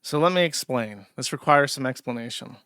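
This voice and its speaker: A man's voice: medium pitch, fairly quick, fairly bright tone, smooth, no room sound, studio quality. A man hosting a podcast, giving crude, profane, sarcastic commentary as he reacts to online content. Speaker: podcast host. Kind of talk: casual commentary.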